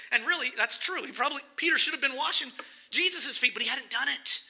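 Male preacher, high and gravelly voice, animated sermon delivery with acted-out scripture scenes. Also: quick pace.

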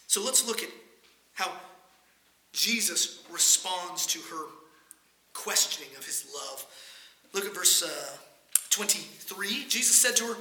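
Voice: medium pitch, animated, a little slow, pauses often, pushed and bright, echoey room. A preacher delivering an expository sermon in a conversational teaching manner.

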